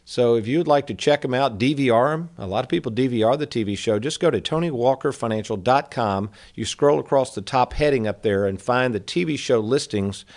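A man's voice: mid-range voice, a little fast, hardly any pauses, darkish tone. A man in his fifties hosting a financial advice radio show, talking in a folksy, conversational way and calling listeners "folks.". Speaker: financial advisor radio host. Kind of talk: casual radio talk.

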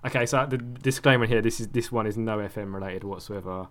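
A man's voice: lowish voice, fast, fairly bright tone. A man co-hosting a podcast, chatting casually and laughing often. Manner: laughs often, playful teasing. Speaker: podcast co-host.

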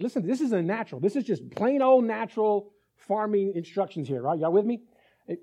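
A man's voice: high-pitched, darkish tone. A male pastor preaching a sermon with energy. He acts out little scenes and keeps checking in with the congregation.

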